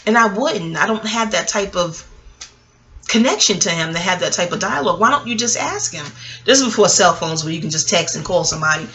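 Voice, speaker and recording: Bright-voiced New woman telling a story. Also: a little fast. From Queens, New York. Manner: animated, profane, street slang, jumps up in pitch for quoted voices. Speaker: vlogger. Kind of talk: casual storytelling monologue.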